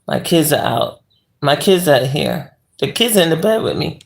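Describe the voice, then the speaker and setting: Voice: mid-range voice, sing-song, normal speed, gravelly. A livestream host lying in bed in a bedroom, chatting casually and rambling with the viewers' chat and laughing often.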